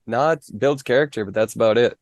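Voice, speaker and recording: A man's voice: medium pitch, fast talker, no room sound, clean studio sound. A young man from the Fargo area, a weather reporter and guest, talking in a modest, easygoing way full of "like". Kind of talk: casual interview.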